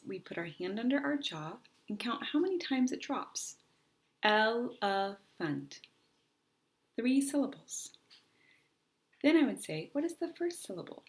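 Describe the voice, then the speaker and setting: Patient woman teaching spelling steps. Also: medium pitch. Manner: patient, deliberate, models sounds slowly and clearly. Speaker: teacher giving parents spelling guidance. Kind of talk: instructional explanation.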